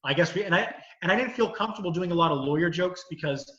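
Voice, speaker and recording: Bright-voiced man rambling through stories. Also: high-pitched, quick pace, echoey room, lo-fi sound. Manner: rambling storytelling, many "you know"s. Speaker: comedian and lawyer. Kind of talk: casual chat.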